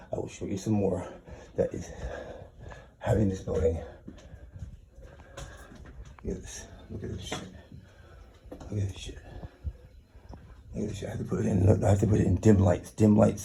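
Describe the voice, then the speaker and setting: Man, dark rough voice, agitated, stammering, profane, phone vlog in a small bedroom. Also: fairly low pitch, a little hiss or hum. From United States. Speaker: tenant filming a complaint video. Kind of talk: angry personal vlog rant. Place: small apartment bedroom, indoors.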